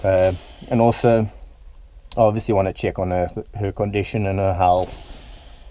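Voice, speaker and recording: A middle-aged man speaks in a fairly low, mellow voice, relaxed and casual as he explains how he handles a large snake. He sometimes drops to a soft murmur while talking to the animal. The tone stays easygoing and practical, like a keeper showing his work. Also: moderate pace, a little hiss or hum. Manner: relaxed, talks softly to the snake. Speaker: reptile keeper. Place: indoors at a snake enclosure.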